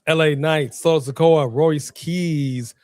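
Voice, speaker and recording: A man's voice: a little high, takes it slowly, dry recording, clean studio sound. A man co-hosting a wrestling watch-along stream, chatting casually and calling out to the live chat. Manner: chatty, animated, addresses the chat.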